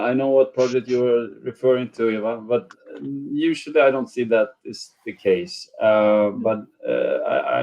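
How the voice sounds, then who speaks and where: A man speaking on an online panel discussion, halting and restarting often, heard over a video call. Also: medium pitch, vocal fry, warm tone, rough recording. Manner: halting, many restarts and fillers.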